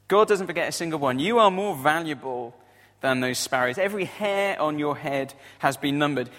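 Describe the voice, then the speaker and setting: Guy preaching a sermon, chatty, keeps asking "doesn't he", slightly high voice, echoey hall. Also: fairly bright tone. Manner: conversational, frequent tag questions.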